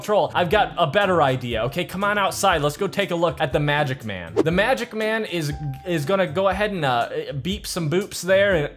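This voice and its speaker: A man hosting a comedic game video, talking to his character in an excitable way, mumbling one moment and shouting the next. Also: on the high side. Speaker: host narrating a game video. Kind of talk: comedic gameplay narration. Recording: music playing in the background.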